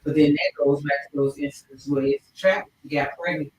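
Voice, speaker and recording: A woman hosting a casual livestream chat show, telling stories in an animated, expressive way. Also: deep voice, fairly quick, a little hiss or hum. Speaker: talk show host. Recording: echoey room, distant mic.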